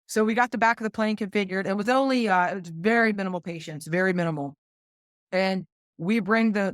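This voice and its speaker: As a guest on a podcast, a middle-aged woman from West Virginia who retired from flight nursing earnestly relates a personal story, acting out what was said. Her voice is mid-range, in clean studio sound with no room noise.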